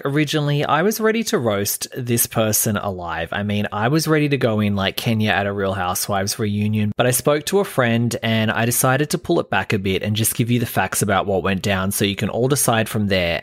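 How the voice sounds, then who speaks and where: A man's voice: lowish voice, dry recording, studio quality. A young Australian man hosting a gossip commentary vlog, sarcastic and throwing shade. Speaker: host.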